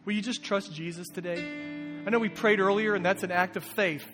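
A man's voice: sits high, fairly even intonation, moderate pace. A man preaching a sermon as a pastor, in an earnest, conversational way. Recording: long reverb with soft guitar behind.

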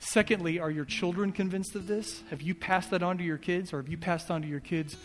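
A man preaching with an earnest, repetitive build, his voice pitched a little high. It rings out with a long echo through a church hall, while soft guitar plays underneath. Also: steady tone, a little fast. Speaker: pastor. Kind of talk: sermon.

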